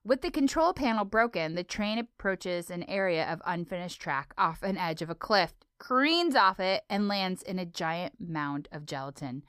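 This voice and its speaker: Low smooth woman voice, playful chatty podcast recap, dry sound. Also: expressive, normal speed, hardly any pauses, fairly bright tone, dry recording. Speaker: podcast co-host. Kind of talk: casual chat recapping a cartoon episode.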